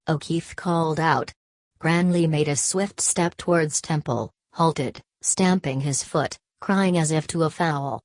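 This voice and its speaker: A woman narrating a classic novel aloud in an even, measured reading, voicing the dialogue mostly in her own voice. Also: low voice, no room sound. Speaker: audiobook narrator. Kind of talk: scripted narration.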